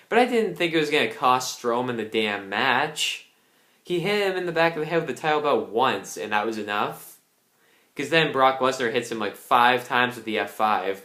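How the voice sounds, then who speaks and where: A man's voice: mid-range voice, sharp tone. A young man giving a casual, angry ranting review, swearing a lot. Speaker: wrestling reviewer. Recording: roomy echo.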